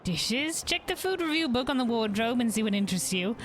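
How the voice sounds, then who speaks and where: A woman's voice: on the high side, big pitch swings, brisk, a little hiss or hum, voice pushed up. A woman streamer voicing a cheerful young woman who cooks at a hotel, reading game dialogue aloud in an eager, hospitable way. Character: cheerful young woman hotel cook, proud of her dishes.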